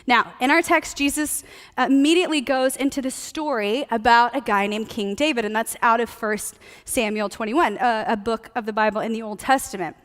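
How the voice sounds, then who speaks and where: High-voiced woman preaching in a reverberant hall. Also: normal speed, fairly bright tone. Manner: casual, playful, conversational teaching. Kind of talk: sermon.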